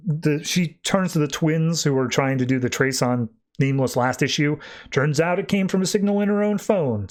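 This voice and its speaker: A man hosting a podcast, casually recapping a comic book story and loosely paraphrasing the characters' dialogue with plenty of filler words. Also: on the high side. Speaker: podcast host.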